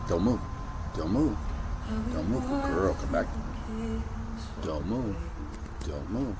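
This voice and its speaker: A man training his pet dog at home, giving short commands and coaxing praise that often jumps up high with excitement. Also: slow, very noisy.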